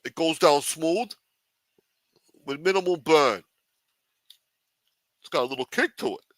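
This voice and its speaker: A man's voice: fairly high pitch, animated, unhurried, fairly bright tone, no room sound. A man hosting a livestream, talking in a brash, profane mob boss persona. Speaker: livestream show host.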